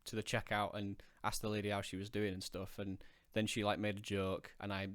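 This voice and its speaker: A man's voice: on the low side, completely flat delivery, fairly quick, fairly bright tone, no room sound. Thoughtful man, dry close sound. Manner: reflective, thoughtful, hesitant with fillers. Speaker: guest caller. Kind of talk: casual video-call chat.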